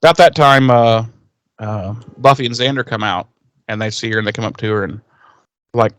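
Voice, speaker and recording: A man's voice: fairly low pitch, normal speed, fairly bright tone, dry recording. A man co-hosting a podcast, casually recapping an episode and acting out the characters' lines in a raised, swearing voice. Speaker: podcast co-host.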